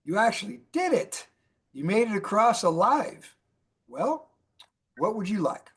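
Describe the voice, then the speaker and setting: A man's voice: high voice, very animated, measured pace, fairly bright tone, husky, heavily acted. A man doing a folksy old oil tycoon.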